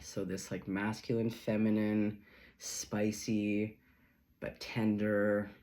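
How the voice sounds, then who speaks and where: A man's voice: on the low side, level tone, takes it slowly, a little mellow. A man giving a casual tarot reading in a sassy, chatty, profane manner. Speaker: tarot reader.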